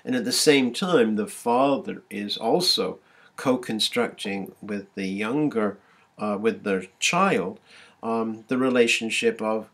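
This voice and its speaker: A man's voice: fairly low pitch, slow pace, a bit bright. A man giving a recorded university lecture, talking with many fillers and restarts and sometimes singing out short chants in a raised voice.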